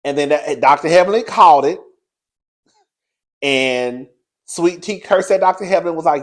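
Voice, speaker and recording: A man giving casual commentary on a reality show, sassy and frank, laughing often, with big swoops in pitch. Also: brisk, pauses often. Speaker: reality TV reviewer.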